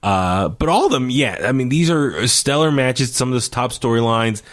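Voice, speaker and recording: A man's voice: medium pitch, animated, normal speed. Rambling middle-aged man co-hosting a podcast. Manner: rambling, searches for names, many fillers. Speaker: podcast co-host. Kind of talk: casual wrestling review chat.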